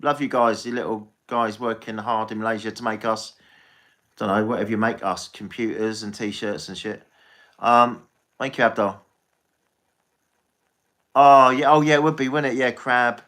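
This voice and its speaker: A man's voice: lowish voice, fairly even intonation, moderate pace, pauses often, fairly bright tone. An English man chatting casually on a live stream as a tarot reader, rambling and swearing freely.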